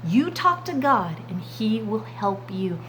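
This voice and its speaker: A woman Sunday school teacher telling a Bible story to children in an expressive way. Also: medium pitch, slow, a little hiss or hum, low-quality recording. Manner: expressive, warm addresses to "friends".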